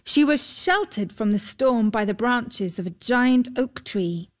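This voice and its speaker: A woman narrating a storybook in a calm, measured way. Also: fairly high pitch. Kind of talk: storybook reading.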